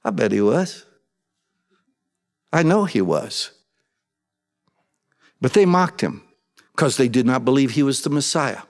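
A man preaching a sermon in a conversational way, acting out the voices he quotes and swinging from soft to loud. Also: mid-range voice, expressive, a little slow, long pauses. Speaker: pastor. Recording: long hall reverb.

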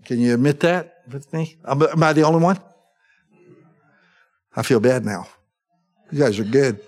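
A man's voice: medium pitch, moderate pace, pauses often, darkish tone. Middle-aged pastor guy preaching, chatty, keeps asking the crowd true? right?. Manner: conversational, asks the congregation for agreement. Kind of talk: sermon.

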